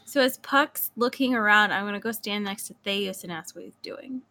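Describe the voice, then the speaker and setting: Bright-voiced woman at the game table. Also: medium pitch, moderate pace. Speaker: player. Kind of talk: casual tabletop chat.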